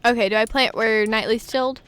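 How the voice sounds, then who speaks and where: A woman with a fairly high voice talks on a voice call while she plays, firing off quick practical questions and the odd dry joke. Her audio comes through noisy, with keyboard clicks behind her. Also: fairly even intonation, a bit bright. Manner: inquisitive, asks quick practical questions, light and joking. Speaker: co-op player. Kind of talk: casual game-stream chat.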